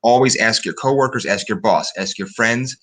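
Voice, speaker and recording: A man guest giving calm, measured advice in an interview. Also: lowish voice. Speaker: guest, broker instructor.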